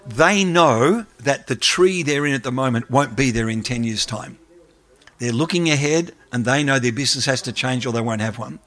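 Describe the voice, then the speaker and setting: A man, an academic, giving a lively lecture and taking questions from the audience. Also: medium pitch, normal speed. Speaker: academic speaker.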